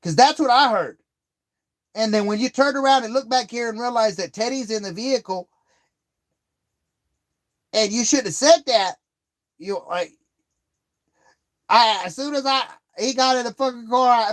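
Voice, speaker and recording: A man's voice: very high-pitched, moderate pace, long pauses. A man telling a rambling, profanity-heavy story on a live stream, getting heated as he retells a grievance. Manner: profane, rambling, swears constantly.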